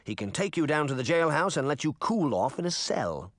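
A smug, scheming prince who sneers down at everyone, as a male audiobook narrator puts him on. His scorn rises and falls with animated pitch, in a slightly high, dry, close-miked voice. It has the cool arrogance of a storybook villain. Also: brisk, dry recording. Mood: scornful. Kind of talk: audiobook character reading.

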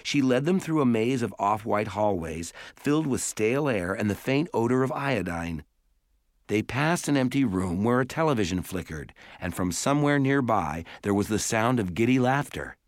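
Low-voiced man narrating a story. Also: animated, moderate pace, dry recording, studio quality. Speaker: audiobook narrator. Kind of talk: scripted narration.

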